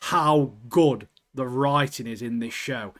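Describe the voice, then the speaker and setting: A young British man co-hosting a podcast, chatting casually and excitedly, swearing and calling his friend "mate" constantly. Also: medium pitch, slow. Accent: British English. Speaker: podcast co-host. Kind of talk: casual chat.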